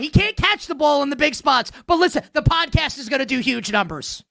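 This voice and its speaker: A woman's voice: sits high, expressive, brisk, gravelly, a bit bright, dry recording, studio quality. A woman hosting a sports show, ranting with heated sarcasm.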